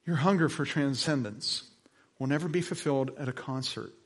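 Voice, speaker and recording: A male pastor preaching a sermon, moving from quiet, slow passages to loud, emphatic ones, with chatty asides as he tells stories. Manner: dynamic delivery, swinging between soft lows and emphatic highs; conversational storytelling with asides.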